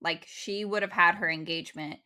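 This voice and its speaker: This young woman speaks with a bright, forward tone in a casual podcast chat. She talks in a steady, earnest way and often chimes in with quick agreement. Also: lowish voice. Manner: steady and earnest, with lots of short agreeing replies. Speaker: podcast co-host.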